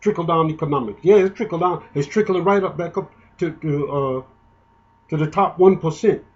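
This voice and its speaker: A man's voice: a little high, normal speed, lo-fi sound. A man giving an indignant, emotional, rambling political monologue, often restarting his sentences. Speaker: political commentator.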